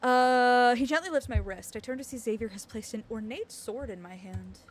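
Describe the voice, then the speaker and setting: A woman's voice: fairly high pitch, normal speed. A woman streamer chatting casually and reading game text aloud, giggling often.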